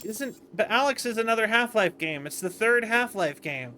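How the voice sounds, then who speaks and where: Late at night, a tired, yawning man streams and offers casual, chatty commentary, rambling and cutting himself off. His high voice is bright and forceful with lively intonation at normal speed. There is a little hiss or hum.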